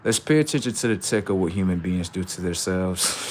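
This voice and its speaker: A man with a fairly low voice lectures his livestream chat, repeating his points over and over. He swears freely, asks rhetorical questions, and sometimes bursts into loud outbursts. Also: a little fast, slight background noise. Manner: preachy, repetitive, profane, jumps into loud outbursts. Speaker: livestream host.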